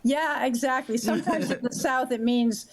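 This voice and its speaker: A woman's voice: high-pitched, normal speed. Older woman telling rambling stories. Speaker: guest author. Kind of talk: podcast interview.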